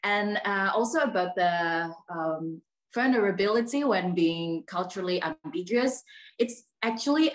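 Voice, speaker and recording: A woman from Indonesia, sharing a personal story in a workshop and hesitating with many fillers. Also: medium pitch. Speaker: workshop participant.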